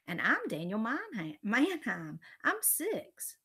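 A woman reading aloud voices a pushy, whiny six-year-old boy in a high, insistent voice. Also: wildly swooping pitch, slow pace, bright, forceful tone, slightly rough, heavily acted. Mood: boastful.

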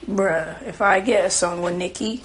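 A young woman, a singer, hangs out on a phone livestream indoors at home, chatting casually, wandering from topic to topic, swearing freely, and reading out what viewers comment. Her mid-range voice moves at a normal speed.

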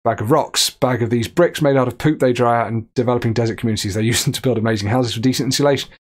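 A man's voice: mid-range voice, very fast. A man streaming a game, joking his way through it and reading texts and chat messages aloud. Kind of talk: gameplay commentary.

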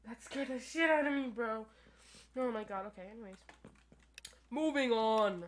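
Foul-mouthed young woman gaming. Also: fairly high pitch. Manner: crude, profane trash talk, playful and quick to rant. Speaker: gaming YouTuber. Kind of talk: live gameplay commentary. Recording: noisy recording with keyboard clicks.

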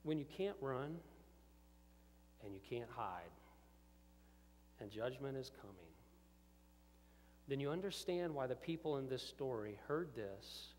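A male pastor telling a personal story in a sermon, often dropping to hushed tones and rising to urgent appeals. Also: medium pitch, lively intonation, unhurried, long pauses. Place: church sanctuary with long reverb. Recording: reverberant church hall.

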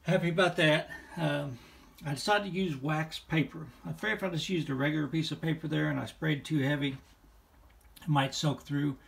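Gravelly man narrating a hobby project. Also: fairly high pitch, normal speed. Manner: relaxed, thinking aloud with many uh fillers. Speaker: model railroad hobbyist. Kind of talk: casual how-to narration. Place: home, kitchen table area. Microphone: phone camera, sometimes on tripod. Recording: roomy and distant phone audio with clear noise.

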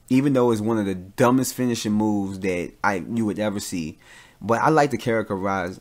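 A man with a somewhat low voice hosts his own podcast, talking solo in a loose, casual way. He rants with animation, circling back with restarts and fillers as he makes his point. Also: a little mellow. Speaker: podcast host; father.

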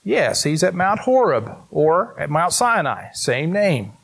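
Male pastor, church sermon, slow deliberate delivery, slightly high voice, emphatic scripture reading. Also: sing-song, creaky, husky. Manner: slow, emphatic, talks to the congregation.

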